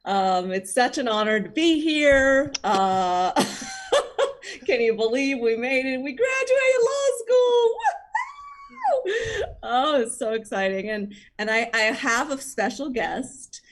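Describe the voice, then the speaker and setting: A woman improvising a gushing graduation host in a comedy scene, stammering and excited. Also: on the high side, measured pace, few pauses. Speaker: graduation speaker in a sketch. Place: theater stage.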